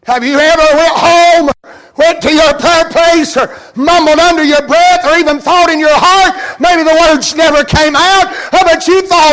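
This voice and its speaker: High voiced guy preaching, fervent, shouts a lot, lots of uhs. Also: fairly even intonation, measured pace. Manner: fervent, rises to shouts, many fillers. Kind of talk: sermon.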